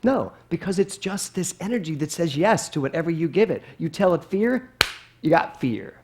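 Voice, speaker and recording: A middle-aged man preaching a sermon in a playful, animated way, often asking the congregation questions. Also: fairly high pitch, moderate pace, vocal fry, a little hiss or hum. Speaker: minister. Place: spiritual center with congregation.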